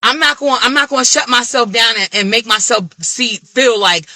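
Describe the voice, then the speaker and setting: A woman's voice: on the high side, normal speed, few pauses, dry recording. A woman with an African American Vernacular English accent, venting in a candid, blunt and profane rant to camera. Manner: blunt, profane, animated ranting. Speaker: vlogger.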